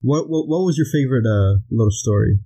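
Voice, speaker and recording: A man's voice: medium pitch, animated, fairly quick, warm tone, slightly rough, rough recording. A young man co-hosting a casual podcast chat about a film, rambling with many fillers. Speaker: podcast co-host.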